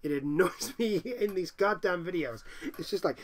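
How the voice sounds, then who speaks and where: A man's voice: high voice, expressive, normal speed, hardly any pauses. A man, co-hosting a casual chat and ranting in exasperation, often restarting his sentences. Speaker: podcast co-host.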